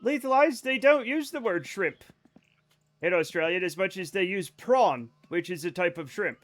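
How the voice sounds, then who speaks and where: A man's voice: high-pitched, animated, moderate pace, a bit bright. A young man streaming a game, joking and rambling with his chat, often breaking into giggles. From Scotland. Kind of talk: casual livestream chat while gaming.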